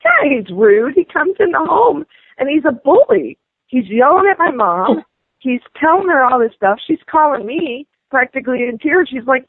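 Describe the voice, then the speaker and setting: Over a tinny phone line, a woman with a high, very animated voice rants indignantly about a repair at a moderate pace, with no echo. She is the target of a prank call, and her angry complaint escalates until she is shouting.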